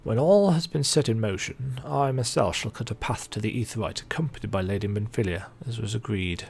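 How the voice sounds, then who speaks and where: A man's voice: on the low side, fairly quick, creaky, a little mellow, slightly rough. A man reading the formal lines of an earnest young scholar laying out a battle plan in a game. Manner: formal read-out game dialogue.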